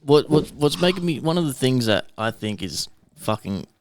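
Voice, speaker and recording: A man's voice: mid-range voice, animated, moderate pace, background noise. A man with an Australian accent hosting a podcast, telling rambling conspiracy stories in casual chat. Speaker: podcast host.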